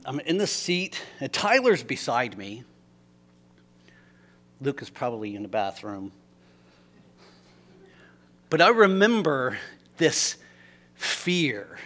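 Man, pastor, sermon, animated storytelling, fairly high voice, loud then hushed. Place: church sanctuary.

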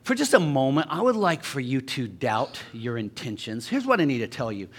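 A pastor preaching a sermon in a church, talking to the congregation conversationally and telling jokey stories. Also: male voice, mid-range voice, very animated, normal speed. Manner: conversational, joking storytelling.

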